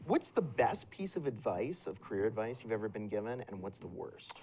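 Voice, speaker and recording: Lively-voiced male interviewer. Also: lowish voice, brisk, slight background noise. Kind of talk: on-stage interview.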